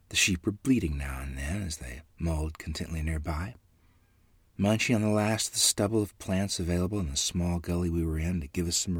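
A man tells an old family story in a low, husky voice that rises and falls with feeling. His delivery is calm and measured, easing off softly at the ends of lines, and the recording is close and dry. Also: dry recording. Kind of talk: audiobook narration.

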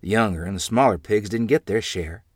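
A man narrating a read-aloud story in an expressive, good-humored manner. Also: lowish voice, fairly quick, slightly rough, dry recording, studio quality.

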